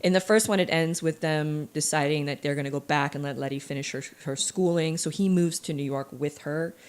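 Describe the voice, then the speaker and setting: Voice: mid-range voice, steady tone, fairly quick, clear, resonant tone. A podcast co-host in a casual book chat who speaks hesitantly, with many fillers and restarts.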